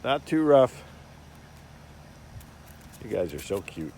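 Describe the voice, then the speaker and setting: A man filming his dogs outdoors in a yard, talking to them in a coaxing way and gently scolding their rough play. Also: medium pitch, sing-song, slow, pauses often. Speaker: dog owner filming his pets. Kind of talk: casual talk to pets.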